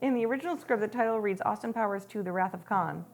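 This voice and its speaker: A woman's voice: medium pitch, quick pace. Woman co-host reading movie trivia. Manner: reads movie trivia aloud, dry. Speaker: podcast co-host. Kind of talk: casual movie-review chat.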